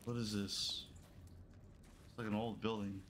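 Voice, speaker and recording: A man's voice: on the low side, level tone, measured pace, fairly bright tone, slight background noise. A young man streaming a horror game live, reacting with panicky, swearing exclamations. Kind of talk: live horror gameplay commentary.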